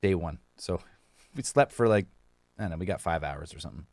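A man's voice: low voice, expressive, fairly quick, creaky, a little mellow, no echo. A man co-hosting a podcast, chatting casually with friends in a wry, self-mocking way. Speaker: podcast co-host. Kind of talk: casual chat among friends.

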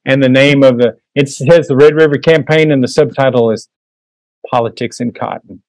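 A man's voice: mid-range voice, steady tone, moderate pace, a little mellow, no room sound, low-quality recording. A man giving a casual history talk, taking audience questions with lots of fillers. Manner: folksy, conversational, many fillers. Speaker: guest speaker. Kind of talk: history lecture and Q&A. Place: meeting room.

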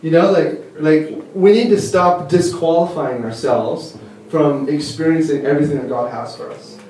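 A fairly high-voiced young man preaches in a loose, chatty way, piling up fillers as he tells stories with enthusiasm. He sounds distant from the mic, his voice echoing around a big hall with a faint hum beneath. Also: moderate pace, warm tone. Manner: rambling, filler-heavy, enthusiastic storytelling. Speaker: conference speaker. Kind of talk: casual sermon teaching. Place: church hall. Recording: echoey hall from far off.

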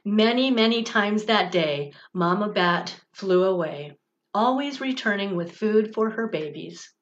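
A woman, a church's director of religious education, reading a picture book aloud for children in a gentle, expressive way. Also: fairly low pitch. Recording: dull lo-fi recording.

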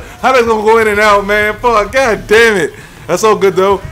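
A young man commentating his own basketball video game, loudly cursing and trash-talking his teammates. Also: high-pitched, fairly even intonation, normal speed. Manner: loud, profane trash talk at teammates. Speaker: gamer. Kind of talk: live gameplay commentary.

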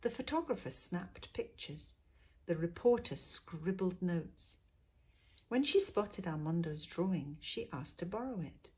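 A woman teacher reading a picture book aloud to schoolchildren, expressive and dropping to a hush in quiet moments. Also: fairly low pitch, a little slow, breathy edge. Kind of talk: storybook read-aloud.

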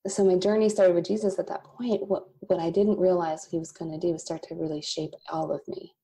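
A woman in her thirties speaks as a podcast guest, sharing an emotional personal story. Her voice is low and darkly mellow, with a gravelly edge. She breaks into laughter often and acts out quoted asides with lively energy. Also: brisk. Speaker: podcast guest, coffee company founder. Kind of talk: candid conversational storytelling.

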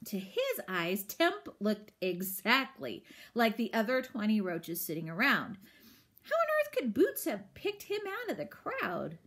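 A woman, a teacher, reading a children's book aloud with expressive storytelling. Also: medium pitch, measured pace.

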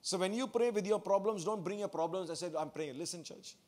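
Pastor guy preaching, fairly high voice, keeps asking the church questions and repeating himself. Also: a little fast, darkish tone. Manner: repeats phrases for emphasis. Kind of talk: sermon.

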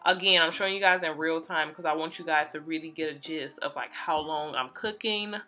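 A young adult woman casually walking viewers through a recipe in her home kitchen, chatty and relaxed. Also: deep voice, fairly quick. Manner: chatty, relaxed, addresses viewers as y'all and you guys. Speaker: cooking vlogger. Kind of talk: casual cooking tutorial. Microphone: phone camera.

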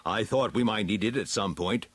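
A man doing a steady older mentor. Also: on the low side, normal speed, dry recording.

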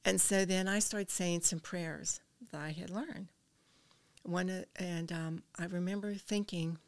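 A woman's voice: on the low side, steady tone, measured pace, dry recording. An older woman, a podcast guest, earnestly telling a personal story and dropping to a whisper at tense moments.

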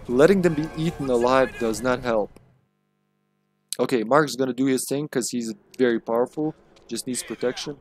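A man's voice: mid-range voice, moderate pace. A man streaming a video game, giving casual, chatty commentary with swearing and laughter. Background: game music.

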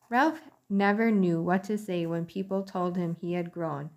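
A woman's voice: fairly low pitch, unhurried. A woman teacher reading a chapter aloud to her class, with friendly asides.

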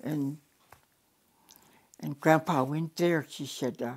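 Older woman storyteller with a low voice. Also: a little mellow, slightly rough. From Yukon, Canada. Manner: unhurried, restarts and repeats words, plain direct phrasing. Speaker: elder storyteller. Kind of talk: oral storytelling.

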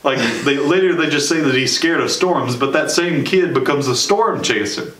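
A young man hosting a casual movie review, chatty and sarcastic, with quick joking asides. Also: a little high, a bit bright. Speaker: show host and movie reviewer. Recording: roomy sound from a distance.

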